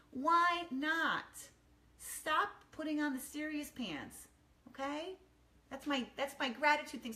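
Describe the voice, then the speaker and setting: A middle-aged woman chatting casually from her quiet home kitchen, upbeat and rambling with many ums. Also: sits high. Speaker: wellness vlogger. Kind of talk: casual morning chat to camera.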